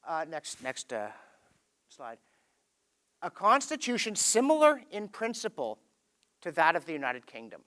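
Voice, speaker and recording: A Canadian man giving a lecture-style talk to a live audience at an evening event, emphatic and animated, with wry asides. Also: a little high. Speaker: speaker giving a public talk. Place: event hall.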